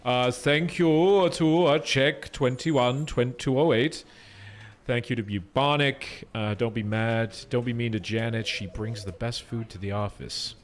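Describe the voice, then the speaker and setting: A man's voice: medium pitch, a little slow. Rambling, self-mocking male streamer. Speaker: game streamer. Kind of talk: casual livestream chat. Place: small room surrounded by screens.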